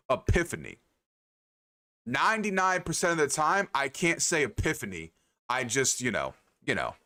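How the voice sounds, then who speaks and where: Animated, bright-voiced streamer man from New York. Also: medium pitch. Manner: profane, playful, hype banter with chat. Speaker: livestreamer. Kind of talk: casual live-stream chat while gaming.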